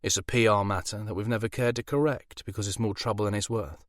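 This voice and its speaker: A man's voice: fairly low pitch, fairly even intonation, fast talker, no echo, clean studio sound, lightly acted. A man voicing a smug demon father. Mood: teasing. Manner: teasing, indulgent, sly. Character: smug charming male incubus demon father.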